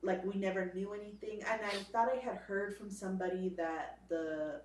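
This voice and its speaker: A woman's voice: mid-range voice, steady tone, moderate pace, a little mellow, far from the mic, slight background noise. A woman telling a story in casual podcast chat, chatty and rambling. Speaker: podcast co-host. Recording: roomy, off-mic with faint ambience.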